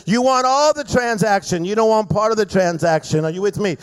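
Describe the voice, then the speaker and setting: Guy preaching at church, really high voice, all fired up, hall echo all around him. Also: a little fast, smooth. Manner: fervent, rousing the crowd with call-and-response. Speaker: guest preacher. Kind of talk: sermon. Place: church service. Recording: echoey hall reverb.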